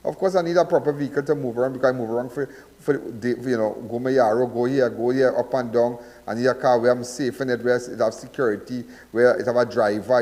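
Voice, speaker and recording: A Trinidadian man hosts a live call-in crime show on the radio, rambling in a repetitive, preachy manner. His mid-range voice is a little mellow, and the audio carries a long reverb tail.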